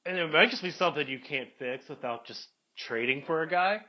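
Lively rambling man on a lo-fi podcast. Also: on the high side, brisk. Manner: rambling, joking, self-correcting. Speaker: podcast co-host. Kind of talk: casual sports chat.

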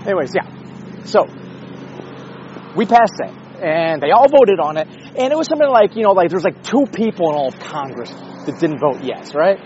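Sing-song and sitting high, his darkish voice moves at a moderate pace through a muffled recording with a little hiss or hum. He's a vlogger out walking his dog on a neighborhood street, rambling profanely, self-mocking, and speaking to the dog.

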